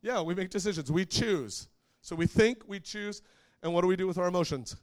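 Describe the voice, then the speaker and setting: A man preaching to a congregation in a relaxed, conversational sermon. He keeps it light with jokes and asks his listeners questions as he goes. His voice sits a little higher than most men's. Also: brisk. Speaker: pastor.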